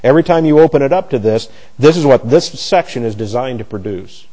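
Halting, mellow-voiced male Bible teacher. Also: medium pitch, lively intonation. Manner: halting, repeats words while searching for phrasing.

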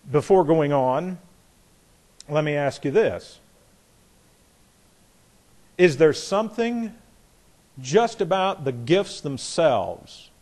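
A man's voice: medium pitch, darkish tone. Man teaching a Bible class. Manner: deliberate, repeats words, asks the class questions; reads scripture aloud with stress on key words.

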